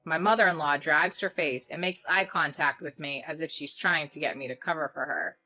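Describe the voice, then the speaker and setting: A woman narrating a story in the first person with steady recounting. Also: sits low, fairly quick, soft background music.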